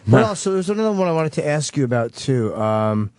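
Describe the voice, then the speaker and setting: A man's voice: on the high side, big pitch swings, a little fast, darkish tone, dry recording. A man hosting a radio talk show, blunt and casual, cursing freely as he chats. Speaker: radio host. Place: radio studio.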